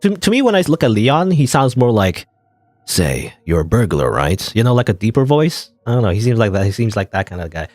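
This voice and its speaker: A man's voice: medium pitch, lively intonation, quick pace, few pauses, darkish tone, dry recording. A man giving casual, playful commentary while playing an indie game, rambling and chuckling at the game. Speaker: gamer. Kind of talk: let's play commentary.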